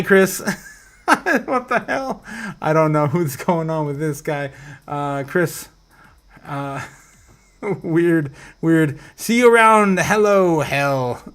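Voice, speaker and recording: A man's voice: on the high side, fairly bright tone. A man hosting a casual crypto livestream, rambling, laughing often and reading out viewer comments to his chat.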